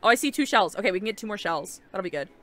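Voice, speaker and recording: A young woman giving casual, excitable let's-play commentary while playing a game, chatty and swearing casually. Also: mid-range voice, rapid-fire, dry recording. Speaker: gaming video creator.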